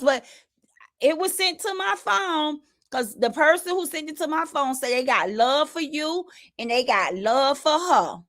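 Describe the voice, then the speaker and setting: A woman with a somewhat high voice and a hosts a casual livestream. She retells conversations animatedly, quoting others and addressing her viewers directly. The recording is dry and close, with little room sound. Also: no room sound. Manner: animated storytelling, retelling quoted exchanges, talks to chat. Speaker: livestream host.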